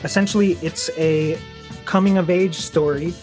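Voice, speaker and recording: A man from Chicago co-hosting a podcast, easygoing and quick to laugh as he introduces segments. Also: fairly high pitch, steady tone, music in the background. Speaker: podcast co-host, bartender. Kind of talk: casual chat and segment intro.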